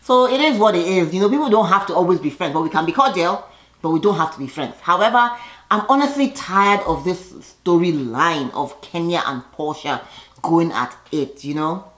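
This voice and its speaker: A woman's voice: fairly low pitch, lively intonation, normal speed, a bit bright. A woman doing a casual, gossipy recap of a reality TV episode, saying "girl" and "you know" a lot. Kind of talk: casual chat. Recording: echoey room.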